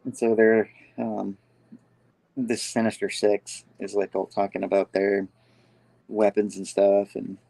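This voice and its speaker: A man's voice: lowish voice, level tone, unhurried, creaky, mellow, no echo. A man recapping a comic book issue in casual chat, rambling with lots of "like" and "you know.".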